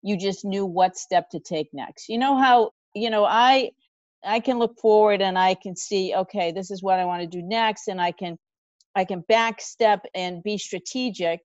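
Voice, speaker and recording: A woman's voice: medium pitch, moderate pace, no room sound, lo-fi sound. A woman hosting a podcast interview, asking long, rambling questions with interested reactions. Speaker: podcast host.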